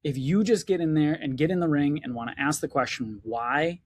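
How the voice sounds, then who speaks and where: A man's voice: a little high, a little fast. A man co-hosting a casual podcast chat as an inventor coach, telling stories animatedly and acting out the lines he quotes. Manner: animated storyteller, acts out quoted dialogue.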